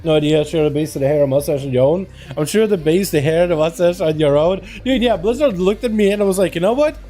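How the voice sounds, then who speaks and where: A young man hosting a game livestream, chatting casually and excitably, greeting his chat with lots of slang. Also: fairly high pitch, fast, faint music behind. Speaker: streamer hosting game duels.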